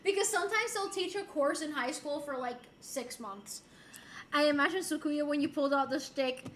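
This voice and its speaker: Woman from Puerto Rico, streamer, playful giggly chat, high voice, faint room noise. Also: moderate pace, fairly bright tone. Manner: playful, giggly, switches into Spanish and French phrases. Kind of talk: casual chat reading viewer messages.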